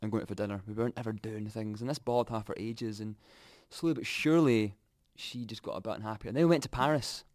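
A young Scottish man telling his own story candidly, reflective and halting, often restarting his sentences. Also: fairly low pitch, a little mellow, no room sound, clean studio sound.

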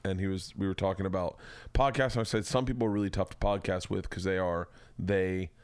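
A man's voice: deep voice, steady tone, fairly quick, clear, resonant tone, no room sound. A middle-aged man from Florida, hosting a podcast and telling rambling stories with plenty of swearing. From Tampa, Florida. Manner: rambling storyteller, swears freely. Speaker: podcast host. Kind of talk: casual chat.

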